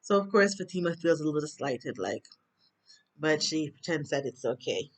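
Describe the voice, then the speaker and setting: A woman's voice: low-pitched, animated, moderate pace. A woman with a Jamaican accent chatting through a TV episode recap, rambling with lots of fillers. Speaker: TV recap vlogger.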